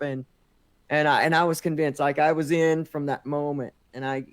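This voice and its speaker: An animated man tells a story in a conversational interview, acting out what people said and dropping "man" into nearly every sentence. His voice sits on the higher side for a man. The sound is dry and close, with no room echo. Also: normal speed. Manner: animated storyteller, acts out quoted dialogue, says "man" often. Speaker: podcast guest.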